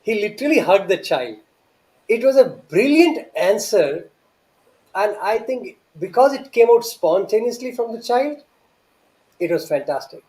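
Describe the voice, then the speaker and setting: A man's voice: high voice, very animated, a little slow, mellow, low-quality recording. A man, telling an earnest, reverent story from his student days with many restarts and rhetorical questions. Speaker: guest recounting memories.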